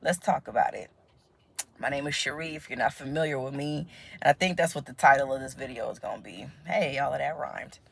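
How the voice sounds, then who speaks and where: A woman's voice: rumbling low, a little fast, creaky, slightly rough. An American woman talking casually to camera in a vlog, chatty and laughing often. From United States. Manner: chatty, laughs often, quotes others in animated voices. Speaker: vlogger.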